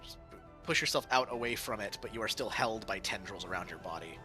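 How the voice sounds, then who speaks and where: A man's voice: fairly low pitch, fast, bright, forceful tone, faint music behind. A man running a tabletop game as game master over an online voice call, laid-back and laughing often, with hesitant fillers.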